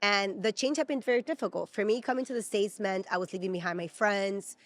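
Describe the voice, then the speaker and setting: A Peruvian woman in her thirties, a native Spanish speaker, co-hosts a podcast chat at a theme park. Her mid-range voice moves briskly, and she talks in a chatty, emotional way packed with fillers.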